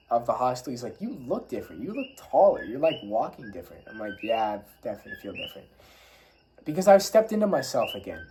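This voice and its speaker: A young man recounting his travels in a loose, animated way, swearing freely and drifting into spiritual talk. His voice sits at an ordinary middle pitch, with faint noise behind him. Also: low-quality recording. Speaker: travel vlogger. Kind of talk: casual storytelling monologue.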